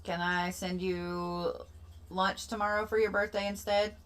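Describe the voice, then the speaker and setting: A woman hosting a casual livestream, rambling and repeating herself with sudden excitable bursts. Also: mid-range voice, measured pace. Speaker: livestream host.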